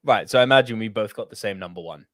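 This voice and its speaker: A man's voice: lowish voice, fast, a bit bright, no room sound, clean studio sound. A man co-hosting a podcast, ranting in casual chat with lots of swearing. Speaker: podcast co-host.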